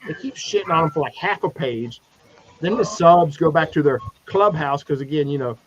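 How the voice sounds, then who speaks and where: A man on a livestream video call recapping a comic book in a profane, animated way, slipping into mocking voices for the characters. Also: on the high side. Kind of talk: casual livestream chat. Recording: dull lo-fi stream audio with noise.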